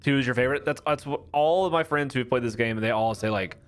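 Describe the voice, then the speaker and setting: This young streamer plays a horror game and chats casually with his viewers, speaking fast at a medium pitch with a clean tone. His commentary rambles and is chatty and self-mocking.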